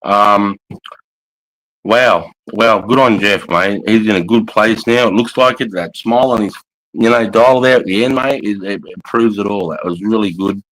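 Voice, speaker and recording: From his couch at home, a middle-aged Australian man hosts a livestream, chatting casually, swearing freely and calling everyone mate. His voice is lowish and fairly bright, moving at a moderate pace, and the recording is rough.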